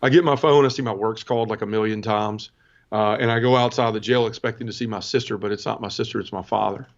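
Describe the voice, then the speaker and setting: A man's voice: fairly low pitch, steady tone, fast. Earnest man telling his story, dull sound. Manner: earnest, conversational, addresses the host often. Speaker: podcast guest. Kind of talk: personal testimony storytelling.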